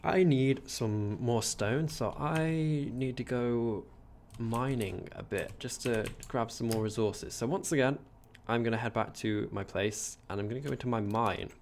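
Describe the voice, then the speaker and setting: Speaking unhurriedly in a mid-range voice, a posh English man livestreams gameplay with a little hiss or hum in the audio. He rambles in casual chat as he builds, pausing to read out what viewers type.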